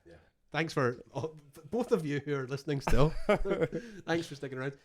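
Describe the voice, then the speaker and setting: A man's voice: on the high side, animated, moderate pace, darkish tone. A man co-hosting a casual podcast chat, rambling and breaking off mid-sentence, laughing often. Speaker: podcast co-host. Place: garage.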